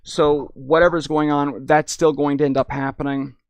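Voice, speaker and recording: Tipsy young male streamer, gravelly, loose and profane, reads chat aloud. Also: on the high side, little pitch movement, moderate pace, dry recording. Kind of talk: rambling live-stream chat.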